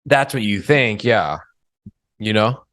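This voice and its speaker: A man co-hosting a casual film discussion, relaxed and a little hesitant as he talks. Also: fairly low pitch, slow, no room sound, studio quality. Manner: relaxed, hesitant, many fillers. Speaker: podcast co-host.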